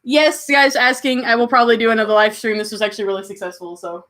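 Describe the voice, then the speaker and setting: Talking very fast in a slightly high voice, a Kentucky livestream host with a Southern accent keeps up a chatty flow. She replies warmly to her chat and coos at her pets.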